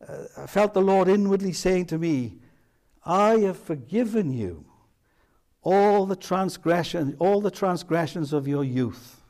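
A man preaching a sermon, earnest, often dropping to soft, emphatic phrases. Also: fairly high pitch.

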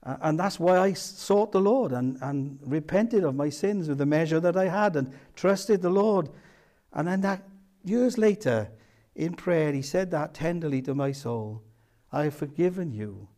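A man preaching a sermon, earnest, often dropping to soft, emphatic phrases. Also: a little high, animated, moderate pace.

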